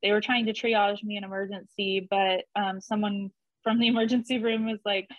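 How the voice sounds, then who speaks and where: A young woman chatting through a personal story as an interview guest, animated when she quotes people and laughing often. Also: mid-range voice, normal speed, no echo, dull audio. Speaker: guest telling her birth story.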